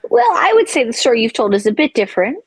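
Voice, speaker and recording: A woman's voice: fairly high pitch, fast, over a noisy crowd. A woman guesting on a comedy show in character as a shop owner, stating absurd things with a straight face. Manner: deadpan, straight-faced absurd claims. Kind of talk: improvised comedy interview.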